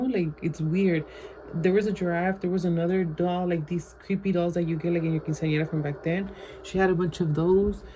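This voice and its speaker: A woman's voice: on the low side, mellow, slight background noise, rough recording. A woman vlogger at home telling a rambling storytime, full of fillers and slipping Spanish phrases into her English. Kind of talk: casual storytime.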